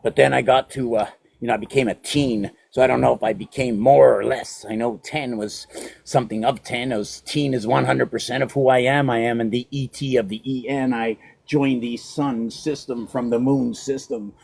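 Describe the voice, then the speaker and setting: A man in his forties rambles to his dog in a playful, sing-song way, then drifts into counting letters as numbers. His voice is husky and mellow, with a soft, dark tone. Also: mid-range voice, fairly even intonation, moderate pace, low-quality recording. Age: 40s. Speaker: vlogger.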